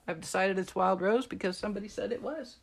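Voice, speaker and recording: A woman's voice: mid-range voice, fast, vocal fry, a little hiss or hum. A middle-aged woman chatting and joking with viewers while she shows how to make a card. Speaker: card-making demonstrator. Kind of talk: live-streamed craft tutorial chat.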